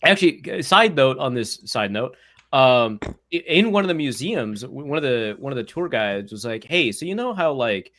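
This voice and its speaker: This is a football writer in easygoing podcast chat, his voice sitting at an ordinary male pitch. He is an animated storyteller who acts out the dialogue in his anecdotes, with plenty of casual fillers. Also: moderate pace.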